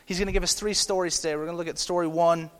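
A man in his thirties, a pastor giving a sermon in a casual, animated way, often checking in with "okay?" and "right?". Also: on the high side, rapid-fire, in a large hall. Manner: conversational, animated, tag questions like "okay?" and "right?".

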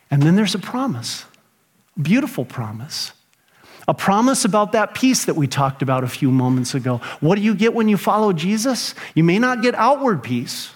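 A middle-aged man preaching a sermon as pastor, animated and earnest, acting out his own prayers and grumbling. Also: on the high side.

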